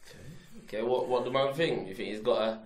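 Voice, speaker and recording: A lively man hosting in an echoing room. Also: mid-range voice, a crowd in the background. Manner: animated, teasing, quick repeated interjections. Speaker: podcast host. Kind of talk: casual group chat.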